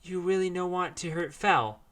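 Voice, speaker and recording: A man voicing a gentle, wild young woman who speaks in broken, simple English. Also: high-pitched, moderate pace, pitched above the performer's own voice.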